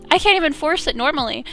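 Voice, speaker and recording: A woman's voice: high voice, expressive, fairly quick, gravelly, pushed and bright, faint music behind. A young woman with a Southern US accent, chatting casually and laughing often while playing a game. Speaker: let's play streamer.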